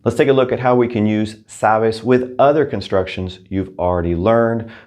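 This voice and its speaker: A man teaching a recorded Spanish lesson, upbeat and encouraging, speaking his Spanish examples slowly and carefully. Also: fairly low pitch, a little mellow.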